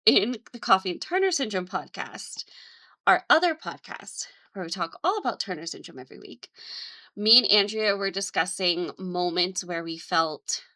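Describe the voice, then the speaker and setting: A woman's voice: mid-range voice, expressive, moderate pace, bright, forceful tone. A woman hosting her own video show, chatting casually and enthusiastically with frequent small laughs. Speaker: host. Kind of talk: casual vlog chat.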